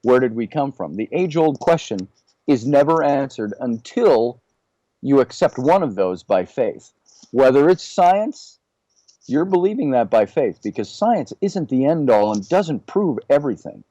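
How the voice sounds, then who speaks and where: Man, podcast guest, mellow tone, dry sound, musing, full of questions. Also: medium pitch, sing-song, a little slow, no echo, low-quality recording. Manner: musing, poses many questions. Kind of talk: casual discussion.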